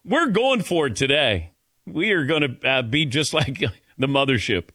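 A man's voice: medium pitch, moderate pace, husky, dry recording. A man hosting a sports talk show, chatting casually and laughing often. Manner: laughing, joking, animated. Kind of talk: casual radio chat.

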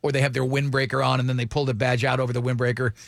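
A man in his forties hosting a morning radio show, rambling and excitable in casual banter. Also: medium pitch, rapid-fire, gravelly, no echo.

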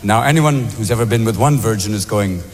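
A man doing stand-up comedy, swinging between deep mock-solemn voices and high excited yelps. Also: a little fast, in a large hall. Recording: live club recording with audience noise.

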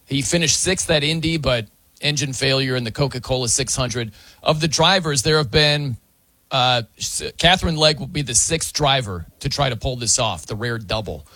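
A man hosting casual sports talk, animated and chatty, sometimes mimicking wrestling announcers. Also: medium pitch, moderate pace, no echo.

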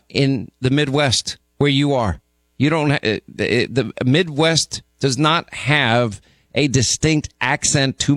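A man hosting a call-in radio talk show, talking quickly and restarting his words. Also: medium pitch, fairly bright tone, no echo. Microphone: studio mic.

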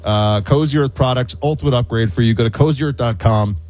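A man co-hosting a talk radio show, teasing his partner with quick jokes, and also reading ads. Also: medium pitch, darkish tone, no room sound. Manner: wisecracking, teasing. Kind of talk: talk radio banter and host-read ad.

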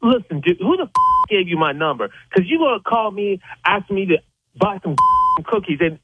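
A man's voice: sits high, lively intonation, normal speed, husky, no room sound. Stammering angry man on a lo-fi phone. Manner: stammering, defensive, cursing, repeats words. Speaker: prank call target. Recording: dull lo-fi phone line.

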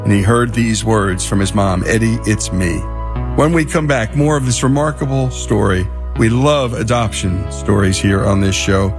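A male radio host narrates a recap in a measured storytelling manner. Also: on the low side, over music.

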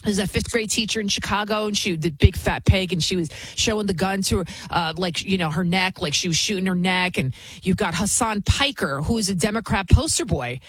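A woman's voice: medium pitch, fairly quick, breathy edge, no echo, rough recording. A woman hosting a commentary show, talking in a heated, emphatic and repetitive ranting manner while introducing clips. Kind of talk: opinionated commentary.

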